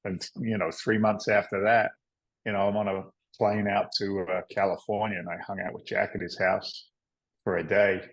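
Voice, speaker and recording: Low-voiced man telling candid stories. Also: flat delivery, moderate pace, rough recording. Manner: candid, rambling, salty, with frequent "right?" asides. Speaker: podcast guest, real estate investor. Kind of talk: casual storytelling interview.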